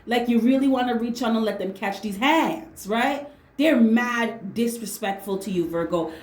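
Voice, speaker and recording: A woman's voice: fairly high pitch, a little mellow. A woman giving a casual tarot reading, blunt and slangy, swearing freely and hammering her points home with "right?" and "okay?". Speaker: tarot reader. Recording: roomy echo.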